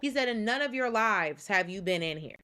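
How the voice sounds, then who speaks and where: Woman co-host with a bright, sharp voice, casual and expressive in a podcast recap. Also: mid-range voice, brisk.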